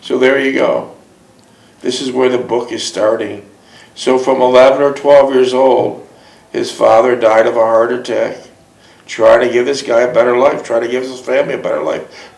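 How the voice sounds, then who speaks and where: A man hosting an interview, pressing with leading questions and then hammering home each point. His voice is gravelly at an average pitch, and it rings around an echoey room. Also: steady tone, normal speed, darkish tone. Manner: leading questions, emphatic summaries. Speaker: interviewer and host. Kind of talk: interview and book reading.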